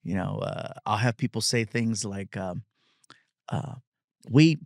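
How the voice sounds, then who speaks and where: A man's voice: fairly low pitch, steady tone, unhurried, creaky, dry recording. Storytelling comedian man in dry studio. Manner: storytelling, many fillers and restarts, mimics other people. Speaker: comedian guest. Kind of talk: casual interview chat.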